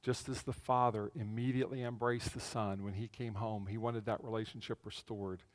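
A man preaching a conversational sermon as pastor, telling the story with animation and swinging between loud and hushed. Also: on the low side, little pitch movement, moderate pace. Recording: long reverb of a large hall.

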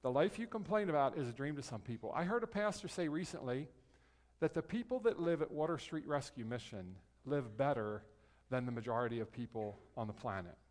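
Guy preaching a sermon, chatty, reads verses real slow, big echoey church sound. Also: medium pitch, lively intonation, darkish tone. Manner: conversational, reads scripture aloud slowly. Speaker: pastor. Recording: long hall reverb.

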